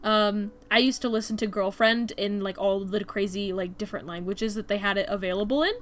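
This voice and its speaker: Streaming as she draws, a young woman talks a little fast in a steady, medium-pitched voice. Her casual chatter rambles, packed with "like" and restarts, over faint music and slight background noise.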